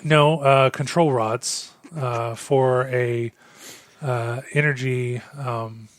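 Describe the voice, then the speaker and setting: A man acting as game master, explaining the rules and setting the scene in a relaxed, rambling way. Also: medium pitch, drawn-out words, no room sound. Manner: relaxed, rambling, filler-heavy. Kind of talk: narrating a tabletop game.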